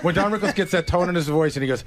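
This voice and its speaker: A man who is a regular on a radio talk show, throwing in quick jokey remarks. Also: high-pitched, a little hiss or hum. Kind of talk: casual radio banter.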